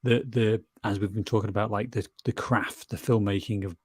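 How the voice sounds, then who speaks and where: A man's voice: on the low side, fairly even intonation, a little mellow, slightly rough, dry recording, studio quality. A man co-hosting a film podcast in casual chat, often repeating words as he searches for what to say. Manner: halting, repeats words while searching for them. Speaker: podcast co-host.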